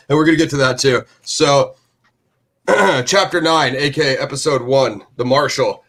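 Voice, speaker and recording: A man's voice: mid-range voice, a little slow, fairly bright tone. A man hosting a review show in loose, rambling casual chat, full of fillers and restarts.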